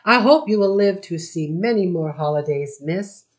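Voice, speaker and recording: A woman's voice: fairly low pitch, animated, moderate pace, natural voice. A woman reading the part of a dignified, courteous immigrant father who speaks in formal, ceremonious phrases. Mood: courtly.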